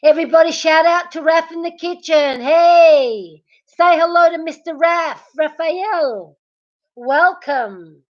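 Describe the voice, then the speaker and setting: Woman streamer chatting from bed; high-pitched, slow delivery, hoarse, muffled lo-fi audio. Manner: chatty, greets viewers by name, laughs a lot. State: losing her voice. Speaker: livestream host. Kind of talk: casual live chat reading comments. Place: at home, in bed.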